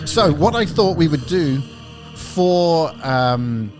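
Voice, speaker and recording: A man's voice: on the high side, animated, takes it slowly, soft background music. A British man from the UK co-hosting a podcast, playfully teasing his co-host and explaining slang in casual banter. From United Kingdom.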